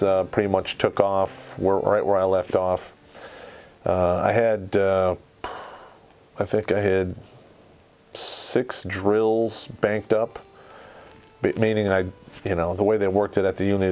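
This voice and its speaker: A middle-aged American man hosting a podcast, telling rough war-story-style anecdotes in casual, profane talk and laughing at his own stories. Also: lowish voice. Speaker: podcast host.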